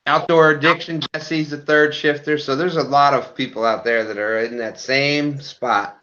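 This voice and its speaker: A man hosting a late-night live stream, chatting slowly and casually and laughing often. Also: a little high, fairly even intonation, pushed and bright, muffled recording, a little hiss or hum. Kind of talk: casual chat.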